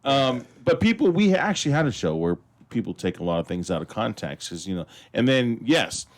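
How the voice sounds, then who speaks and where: A man's voice: mid-range voice, brisk. A man co-hosting a casual talk show, telling rambling stories with plenty of fillers. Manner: rambling, animated storytelling. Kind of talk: casual chat.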